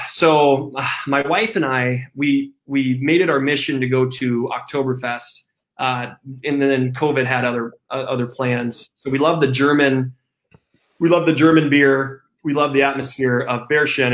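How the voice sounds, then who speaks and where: An easygoing man answers interview questions in casual chat. He laughs often and leans on fillers. His voice sits at a middle pitch. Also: a bit bright. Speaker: interview guest, former player.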